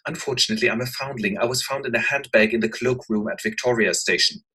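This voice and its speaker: A man voicing a flustered, evasive young gentleman who stammers and hesitates. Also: medium pitch, fast talker, background noise, lightly acted.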